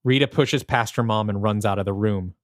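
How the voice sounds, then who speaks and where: Podcast man narrating a story pitch. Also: a little fast, dry recording, clean studio sound. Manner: animated, thinking aloud. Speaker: podcast co-host.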